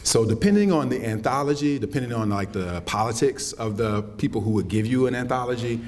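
Man, middle-aged, animated lecture voice, folksy asides, faint room hiss. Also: medium pitch, a little fast. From South Carolina, US Southern. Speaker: poet lecturing. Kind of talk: campus lecture with Q&A. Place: lecture hall.

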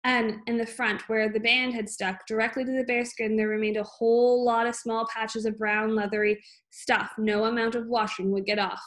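Lady reading a kids book out loud, slightly high voice, trips over words a lot. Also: flat delivery. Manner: unhurried, with frequent small slips and restarts. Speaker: reader. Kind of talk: reading a children's book aloud.

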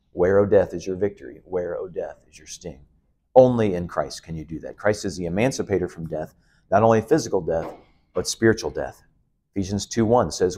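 Here the pastor's voice is deep, husky, and a touch mellow. The middle-aged man delivers an expository Bible lesson with emphasis, letting repeated phrases build, now and then saying "uh."

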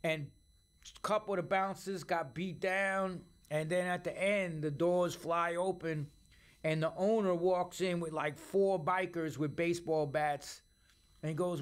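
A middle-aged man with a New York accent telling profane, animated stories in a casual interview. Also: sits high, a little slow. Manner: profane, animated storyteller who acts out quoted voices. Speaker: podcast guest.

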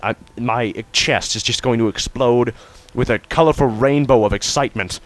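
A young man doing let's play commentary from his room, goofy and hyperactive, breaking into sudden shouts. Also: medium pitch, normal speed. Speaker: gamer host.

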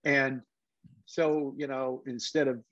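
A man's voice: medium pitch, little pitch movement, takes it slowly, a bit bright, no room sound, highs cut off. A man in his seventies, a guest actor telling anecdotes in a casual interview and slipping into put-on voices when quoting people. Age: 70s.

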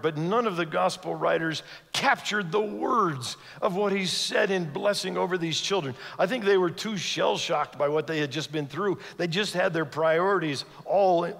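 A man's voice: a little high, gravelly, fairly bright tone. A man preaching a sermon as a guest speaker, telling a story and acting out the voices of its people. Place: large church sanctuary. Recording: long hall reverb from a church sanctuary.

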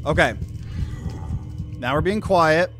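Young dude, high voice, slow nervous gaming commentary, faint music behind. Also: male voice. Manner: tense whispery play-by-play, bursts into yelling. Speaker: gaming YouTuber. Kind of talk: live gameplay commentary.

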